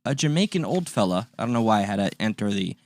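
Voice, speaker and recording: A man co-hosting a casual talk show, telling stories in an animated, profane way. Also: lowish voice, quick pace, dry recording, clean studio sound. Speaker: podcast co-host. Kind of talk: casual storytelling banter.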